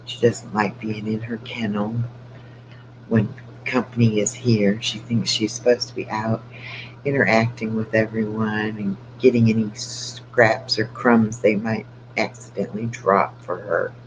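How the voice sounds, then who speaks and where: At home late at night, an older man with a lowish, level voice chats casually on a live stream with his dog, speaking at a measured pace. He keeps his voice down so he won't wake the house, and the recording is dull lo-fi with a faint hum.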